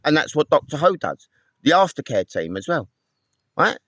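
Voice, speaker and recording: A homeless man vlogging to camera rants angrily about phone calls he's had, swearing often and repeating himself. His voice is a little high with big swings in pitch, a bit bright, at a moderate pace, with no room sound.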